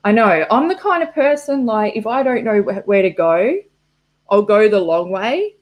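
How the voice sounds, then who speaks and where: A woman's voice: medium pitch, animated, normal speed, darkish tone. A woman hosting a casual live stream, rambling through stories with frequent swearing and laughter at herself. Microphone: laptop mic.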